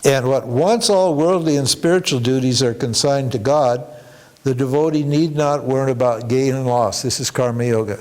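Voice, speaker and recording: A man's voice: medium pitch, normal speed, a little mellow. A man teaching a workshop on devotion, with chuckling asides and frequent rhetorical "huh?" as he tells stories. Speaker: spiritual teacher.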